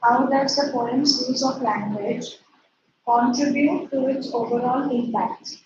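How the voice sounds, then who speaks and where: A woman's voice: sits high, steady tone, takes it slowly. A woman teacher dictating an answer to her class, repeating phrases and spelling words out. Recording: echoey, distant, muffled with noise.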